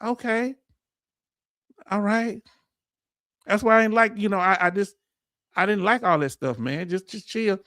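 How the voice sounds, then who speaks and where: A man's voice: sits high, measured pace, long pauses, pushed and bright, dry recording, clean studio sound. A middle-aged man, hosting a casual livestream and ranting bluntly while answering chat. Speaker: veteran livestream host.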